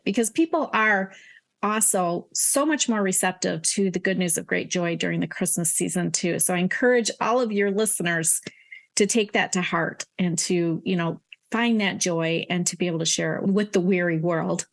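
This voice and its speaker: A woman's voice: on the low side, moderate pace. A middle-aged woman, an author, speaking earnestly in a casual interview about her faith, with some fillers and restarts. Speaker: author guest. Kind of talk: casual Christian interview talk.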